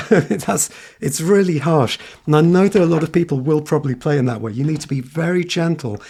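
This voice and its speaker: A man's voice: on the high side, fairly quick, darkish tone, breathy edge. A man teaching a piano tutorial, often singing phrases on nonsense syllables as he explains. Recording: piano played behind speech.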